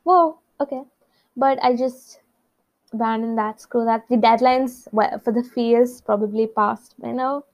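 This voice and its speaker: A woman's voice: a little high, level tone, unhurried, darkish tone. A young woman telling a rambling personal story in a chatty, casual way. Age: young adult. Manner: chatty, rambling, with many asides. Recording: slightly dull lo-fi recording.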